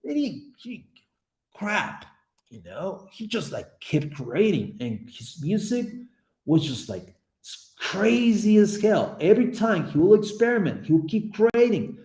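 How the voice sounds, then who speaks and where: A man in his forties chatting casually on a livestream from his office, excitable and rambling, swinging between loud bursts and hushed asides. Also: sits high, measured pace, roomy sound. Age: 40s. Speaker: livestreaming artist. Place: office room.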